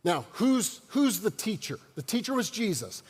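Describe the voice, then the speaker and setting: High-voiced pastor in a reverberant hall. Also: male voice, very animated, normal speed, breathy edge. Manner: conversational, joking with the congregation. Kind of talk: sermon. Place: church sanctuary. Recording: long church hall reverb.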